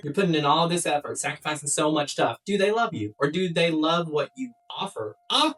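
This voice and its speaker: In a casual to-camera vlog, a young adult woman hands out life tips bluntly and playfully, cursing often. She speaks fairly quickly in a low voice with lively intonation, hardly pausing. A distant mic captures her along with background music.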